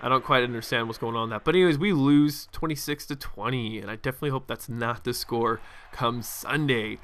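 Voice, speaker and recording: A man's voice: medium pitch, fairly quick, fairly bright tone. A young man casually commenting over his football video game, rambling with fillers and restarts. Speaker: gaming commentator.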